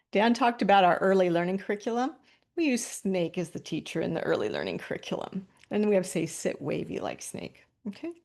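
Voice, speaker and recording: Over a video call, a woman presents a webinar of guided body-awareness instruction, calmly walking listeners through posture and breathing cues. Her voice is medium-pitched with vocal fry, her pace moderate, and she laughs lightly between instructions.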